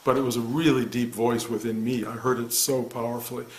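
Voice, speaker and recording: A man in his sixties, a meditation teacher, giving a soft-spoken, reflective spiritual talk in answer to a student. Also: mid-range voice, level tone, fairly quick. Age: 60s. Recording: echoey room.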